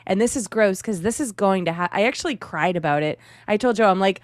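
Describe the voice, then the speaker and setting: A woman's voice: medium pitch, quick pace, hardly any pauses, dry recording, clean studio sound. A woman co-hosting a casual podcast, frank and chatty, with casual swearing.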